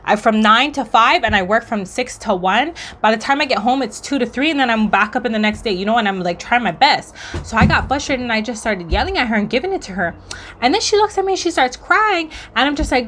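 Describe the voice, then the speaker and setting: A woman's voice: a little high, lively intonation, a little fast, fairly bright tone, slight background noise. A young woman from Hawaii telling a work story in a blunt, sassy, heated way, with swearing and slang. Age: young adult. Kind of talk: casual storytime monologue.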